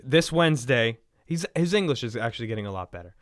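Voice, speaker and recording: A man co-hosting a casual wrestling chat, excitable and swearing freely, often laughing. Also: medium pitch, fast talker, no echo, studio quality. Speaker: podcast co-host.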